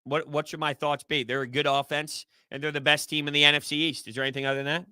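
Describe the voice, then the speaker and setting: A man's voice: fairly high pitch, little pitch movement, quick pace, pushed and bright, smooth, no echo, clean studio sound. A young man hosts a sports live stream, chatting loosely and reading viewer comments with easy laughs. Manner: chatty, rambling, laughs easily. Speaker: sports YouTube host.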